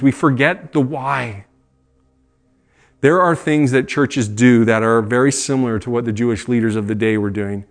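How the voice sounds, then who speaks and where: Middle-aged male pastor, mid-pitched voice, earnest conversational preaching with asides. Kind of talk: sermon.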